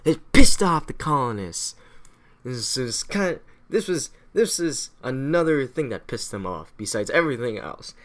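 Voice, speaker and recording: A man's voice: medium pitch, big pitch swings, measured pace. Profane, rambling man recapping history. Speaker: history explainer.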